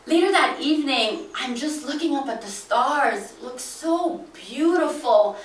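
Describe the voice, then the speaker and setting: A woman telling a dramatic first-person story, expressive, acting out each voice. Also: high-pitched, unhurried. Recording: echoey room, from a distance.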